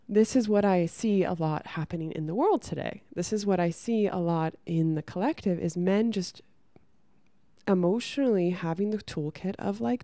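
Low-voiced woman in casual spiritual chat. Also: dark tone, dry recording. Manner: chatty, many "like" fillers and restarts. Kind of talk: casual spiritual talk to camera.

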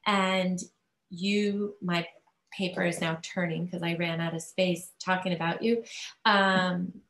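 A woman's voice: mid-range voice, fairly bright tone. Woman near tears, echoey room. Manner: halting, many fillers, near tears. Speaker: school committee chair. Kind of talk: emotional farewell tribute at a meeting.

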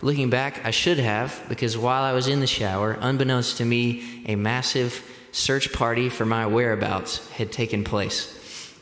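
A young man preaching a sermon as pastor, deliberate and measured, picking up speed when telling personal stories. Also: mid-range voice, fairly even intonation, a bit bright. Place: church sanctuary. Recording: echoey church hall.

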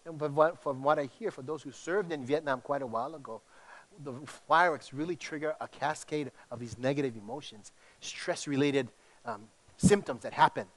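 A middle-aged male pastor from Hawaii with a slight tinge, preaching in an animated, conversational way with many restarts. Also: a little high, moderate pace. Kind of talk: sermon.

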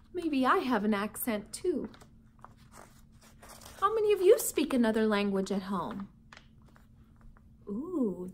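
A woman teacher reading a children's book aloud to a class with expressive, animated storytelling. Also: fairly high pitch, husky.

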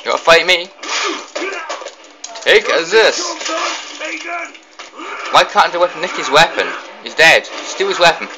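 A young man giving excitable let's play commentary, blurting reactions and mild swearing as he fights. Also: a little high, measured pace, pauses often, low-quality recording. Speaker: gaming commentator.

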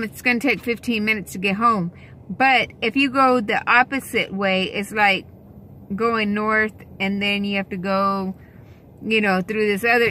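Slow-talking, bright-voiced young woman vlogger. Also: mid-range voice, slight background noise. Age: young adult. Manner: rambling, exasperated complaining with many fillers. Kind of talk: casual chat. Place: inside a car, later a store.

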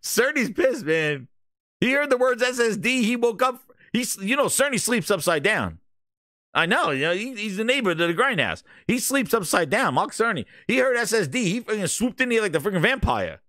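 Excitable high-pitched gaming streamer, man. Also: normal speed, no echo, studio quality. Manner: loud, excitable, profane, laughs at his own jokes. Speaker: host of a gaming reaction stream. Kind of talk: casual live reaction commentary.

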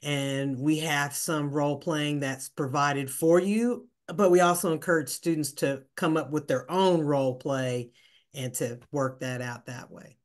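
A woman on staff answering a presenter's question in a webinar, in a quick, matter-of-fact way. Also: deep voice, steady tone. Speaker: curriculum staff member. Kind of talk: casual webinar remark.

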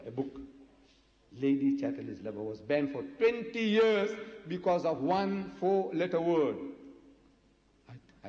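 A man's voice: medium pitch, dark tone. A man giving an emphatic debate speech to a live audience, firing rhetorical questions at the listeners. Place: lecture hall before a live audience. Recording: echoey hall, dull lo-fi sound.

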